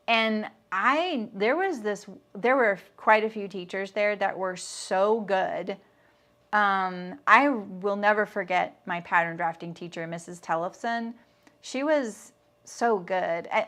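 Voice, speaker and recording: A middle-aged woman hosts a live sewing lesson, talking casually as she sews. She breaks off to answer viewers' comments and keeps a relaxed, friendly, rambling flow. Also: mid-range voice. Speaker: sewing instructor.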